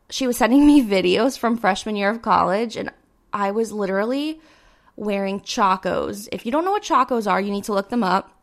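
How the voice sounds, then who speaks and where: A woman in her twenties hosting a podcast, chatting casually and animatedly to listeners in a solo monologue full of fillers. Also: medium pitch. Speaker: podcast host. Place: indoors with sirens outside.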